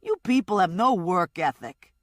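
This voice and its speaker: A woman voicing a crude, rude man with a gruff manner. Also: on the low side, lively intonation, moderate pace, no echo, clean studio sound, close to an everyday voice. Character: crude, rude male thug waiting in a car.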